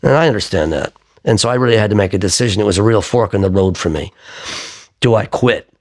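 An older man, a singer-songwriter, telling lively stories in an interview and acting out the voices of the people in them. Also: on the low side, fast talker. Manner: lively raconteur who acts out quoted voices. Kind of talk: conversational storytelling interview.

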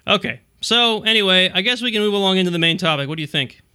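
A man's voice: sits high, lively intonation, quick pace, sharp tone, clean tone. A middle-aged man co-hosting a casual tech podcast, rambling and restarting his sentences with frequent chuckles. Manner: rambling, self-interrupting, chuckling. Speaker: podcast co-host.

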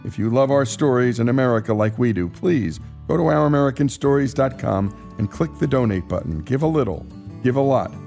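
Gravelly-voiced male radio host. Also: medium pitch, expressive, fairly quick, a little mellow, soft background music.

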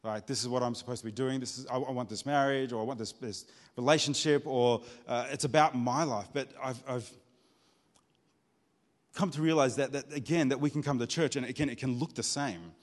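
A man's voice: mid-range voice, fairly even intonation, fairly quick. A man giving a sermon in an earnest, conversational way, often repeating words as he builds toward a point. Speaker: preacher. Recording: reverberant hall.

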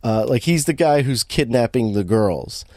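A man's voice: mid-range voice, normal speed, no room sound, studio quality. A man co-hosting a podcast, recapping a bad movie in casual chat, laughing often as he tells it. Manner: animated storytelling, laughing often, many restarts. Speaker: podcast co-host.

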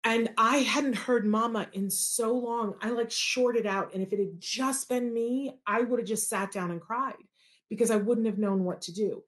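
A woman, a parent of an autistic child, telling a personal story and acting out the dialogue in a lively way. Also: fairly high pitch, normal speed. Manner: animated, acts out quoted dialogue.

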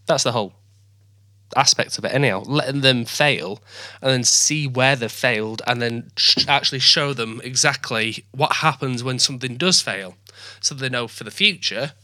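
A man with a northern English accent, hosting a relaxed casual interview and explaining things patiently. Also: mid-range voice, moderate pace, dry recording, clean studio sound. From northern England. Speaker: podcast host.

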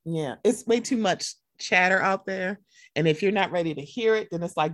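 A woman's voice: fairly low pitch, moderate pace, fairly bright tone, no room sound, clean studio sound. A woman co-hosting a casual gossip podcast, talking animatedly and slipping into playacted quotes. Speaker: podcast co-host.

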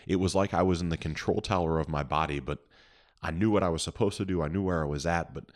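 A man with an extremely deep, low voice. He reflects on a past experience in loose, descriptive sentences, then turns the conversation back to his co-host. Casual podcast talk. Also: quick pace.

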